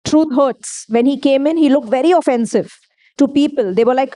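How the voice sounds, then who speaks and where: A woman's voice: sits high, moderate pace, warm tone. A woman preaching a sermon, emphatic, asking her listeners questions and answering them herself.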